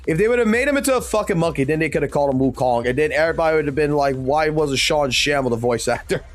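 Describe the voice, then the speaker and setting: Profane, excitable man streaming. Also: a little high, fast talker, faint music behind. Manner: profane, animated, rambling. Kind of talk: excited gaming stream talk.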